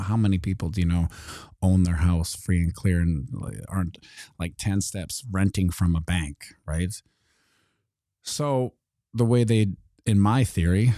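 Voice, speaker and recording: A man hosting a casual commentary monologue, sarcastic, often acting out mock dialogues in quick changes of voice. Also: low voice, warm tone, no room sound, clean studio sound. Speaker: host.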